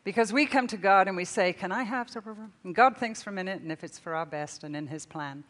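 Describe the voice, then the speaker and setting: Talking fast with a fairly bright tone, the older woman delivers her sermon in a storytelling way and laughs often. Her voice sits a little low, echoing with the long reverb of a big hall.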